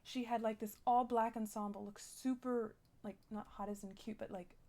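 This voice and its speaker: A woman's voice: a little high, steady tone, normal speed, warm tone. A young woman telling a rambling, shaken story in character during a role-play game, full of "like" and restarts.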